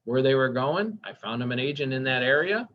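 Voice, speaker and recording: A man's voice: mid-range voice, expressive, fairly quick. A man giving a casual training lecture, enthusiastic and chatty, asking the class questions as he goes. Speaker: workshop instructor. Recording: dull lo-fi recording.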